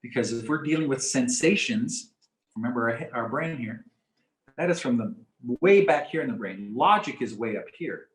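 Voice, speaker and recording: A man presenting a community talk on coping with stress, explaining in a calm, measured way and repeating key phrases. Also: mid-range voice. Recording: roomy echo.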